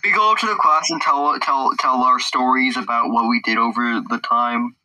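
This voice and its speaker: Hesitant man, bright and dry. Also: mid-range voice, normal speed, dry recording, distant mic, poor audio. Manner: hesitant, with many "uh" fillers. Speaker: player acting as a student. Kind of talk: casual role-play banter.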